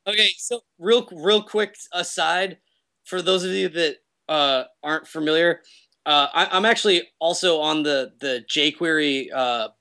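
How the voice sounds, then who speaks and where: Young man, casual meetup guest, rambly and loose, slightly high voice. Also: bright, forceful tone. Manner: rambling, loose, lots of fillers and self-corrections. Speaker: remote guest speaker at a meetup. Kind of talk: casual chat.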